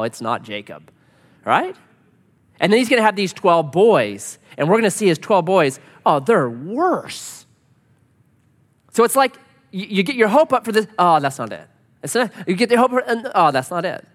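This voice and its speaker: A man preaching a sermon, telling a story with lively quoted voices. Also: high-pitched. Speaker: pastor. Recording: reverberant hall.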